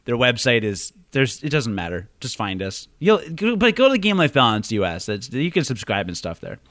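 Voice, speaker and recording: A man co-hosting a podcast in casual chat, quick and full of joking asides. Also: medium pitch, huge pitch swings, a bit bright, dry recording. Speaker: podcast co-host.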